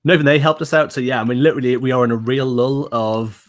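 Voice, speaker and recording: Quick, upbeat male co-host, rattles along with fillers. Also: medium pitch. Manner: fast, upbeat, full of fillers like "uh" and "kind of". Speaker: podcast co-host. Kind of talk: casual podcast chat.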